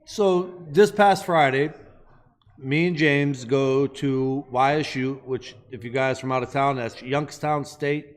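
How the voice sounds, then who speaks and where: A man's voice: medium pitch, slow. A man co-hosting a podcast, telling a rambling, profane story in casual chat. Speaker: podcast co-host.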